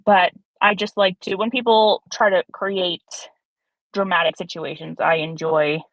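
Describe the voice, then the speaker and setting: A woman chatting casually while streaming a game, animated and self-mocking. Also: on the low side, measured pace, no room sound. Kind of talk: casual gaming chat. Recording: slightly dull lo-fi stream audio.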